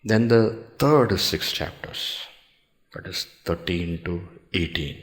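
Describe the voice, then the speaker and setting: A man with a very low voice gives a scripture discourse. He speaks slowly and deliberately, pausing often and putting questions to his listeners. Now and then he recites a Sanskrit verse. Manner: slow, measured explaining with pauses and rhetorical questions. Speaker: swami teaching scripture.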